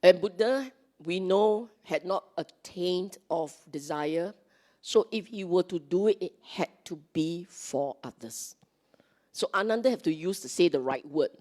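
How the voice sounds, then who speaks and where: This woman speaks on the low side, animated yet a little slow, with a slightly mellow quality. She is a Dhamma teacher with a Singaporean English accent, addressing a congregation in a meeting hall in a chatty Dharma talk where she acts out quoted lines and keeps asking "okay?"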